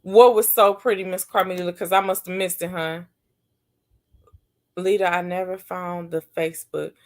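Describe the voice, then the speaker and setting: A woman hosting a casual livestream, chatting warmly and answering viewers' comments one by one. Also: fairly low pitch, fairly even intonation, moderate pace. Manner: affectionate, calls viewers baby and sis. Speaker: livestream host.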